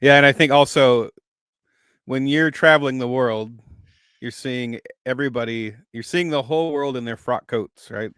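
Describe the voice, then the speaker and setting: A man co-hosting a podcast, giving animated casual commentary, laughing easily and often restarting his sentences. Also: medium pitch, moderate pace, clean tone, dry recording, studio quality. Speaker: podcast co-host.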